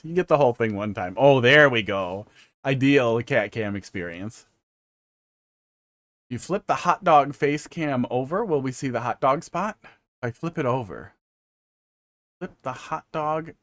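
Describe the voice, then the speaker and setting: Medium in pitch and fairly bright, with no echo, this man's voice accompanies his stream of a level-building game. He chats casually and rambles, tossing out jokes while he plays and humming to himself now and again.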